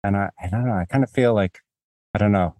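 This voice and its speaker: A man's voice: fairly low pitch, fast talker, mellow, no echo, clean studio sound. A man hosting a podcast, talking through a book in a rambling, self-deprecating way with many restarts. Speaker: podcast host. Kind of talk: casual book discussion.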